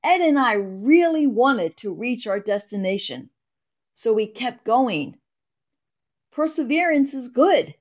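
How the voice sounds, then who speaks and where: A woman reading her ministry blog, unhurried and lively, earnest devotional storytelling. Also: fairly high pitch. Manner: expressive, earnest storytelling read.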